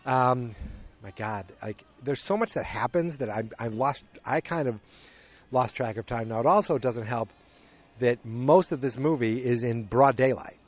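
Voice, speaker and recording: A man's voice: mid-range voice, measured pace. A middle-aged man hosting a podcast, recapping a movie in casual chat and acting out its scenes as he goes. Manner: animated storytelling, acting out scenes. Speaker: podcast host.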